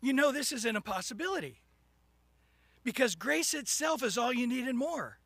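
A man preaching a sermon, animated, acting out little scenes and rising into sudden loud bursts. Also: very high-pitched, normal speed, dry recording. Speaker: pastor.

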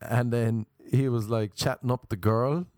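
A young man tells a comic story casually, jumping into asides and impressions of the people involved. His voice sits at an ordinary middle pitch. The sound is dry and close, with no room echo. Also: a little slow. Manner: animated, mimics people, rambling asides.

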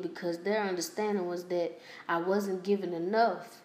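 Halting, emotional woman in an echoey room. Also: lowish voice, fairly even intonation, darkish tone. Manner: halting, emotional, many fillers and restarts. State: holding back tears. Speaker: podcast host. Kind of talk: personal monologue podcast.

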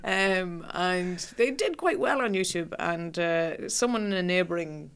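A woman's voice: lowish voice, animated, a little slow. A young Irish woman, a comedian guest telling self-mocking stories with plenty of swearing in a casual chat.

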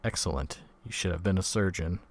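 A man reading the lines of a calm, brisk and kindly doctor who speaks in a practical way. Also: low voice.

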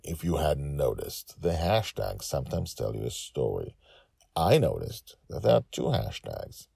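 A man's voice: rumbling low, very animated, gravelly, warm tone, breathy edge, no echo, clean studio sound. A man who writes and reads a serial story, chatting playfully with listeners afterward. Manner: playful and teasing, drawn-out words. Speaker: storyteller and podcast host. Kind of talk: casual after-story chat.

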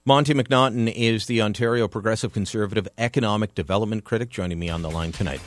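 A man's voice: on the low side, fast talker, faint music behind. A Canadian man hosting a talk radio show, delivering opinionated commentary with emphatic, sarcastic energy.

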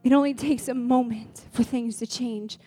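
A woman's warm, somewhat high voice holds a steady tone at normal speed as she preaches to a congregation gathered in a room. Her sermon moves from earnest personal testimony to fervent exhortation, with faint music behind her.

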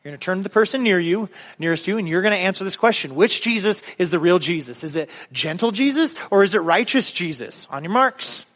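Animated male preacher in a reverberant hall. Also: sits high, brisk, few pauses. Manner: casual, animated preaching with voiced quotes. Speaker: guest preacher. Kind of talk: sermon.

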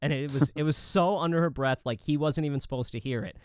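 A man in his thirties co-hosting a casual podcast, telling swearing, animated family stories and acting out the voices. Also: a little high, fast, smooth, no echo, clean studio sound. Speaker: podcast co-host. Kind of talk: casual chat.

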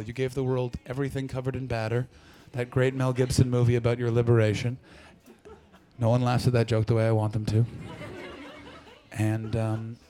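A man's voice: mid-range voice, dark tone. A man from Canada doing stand-up crowd work, brash and profane as he teases the audience. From Ottawa Valley, Canada. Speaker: stand-up comedian.

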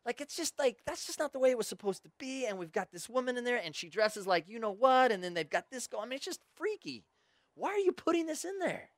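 A man's voice: very high-pitched, very animated, quick pace, dry recording, studio quality, voice pushed up. A man voicing an exasperated young man who complains in whiny disbelief.

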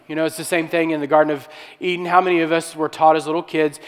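A man's voice: a little high, fast, clean tone, in a large hall. A male pastor preaching a sermon in a conversational way, with rhetorical questions and restarts.

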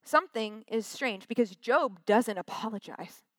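Woman giving a laid back sermon on stage, higher voice, dry sound, does little voices for quotes. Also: expressive, a little slow, fairly bright tone, dry recording. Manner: chatty, acts out quotes in voices. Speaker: preacher. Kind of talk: casual sermon.

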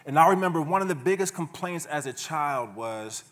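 A man preaching a sermon to his church in a relaxed, conversational way, often chuckling and slipping into playful asides. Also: a little high, normal speed, hardly any pauses. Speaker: pastor. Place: church sanctuary.

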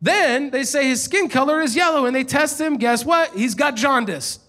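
A man in his thirties, a pastor preaching a sermon and telling a personal story with animated storytelling. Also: moderate pace. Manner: storytelling, animated, rising in pitch when telling of frustration.

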